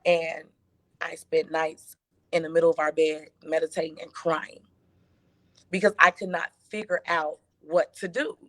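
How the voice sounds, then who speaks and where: A woman from Chicago tells her own story in an interview. Her voice sits low, and she speaks with lively emotion and lots of acted quotes. The sound is close and dry, with no room behind it. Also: unhurried, no echo. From west side of Chicago. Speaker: life coach, guest.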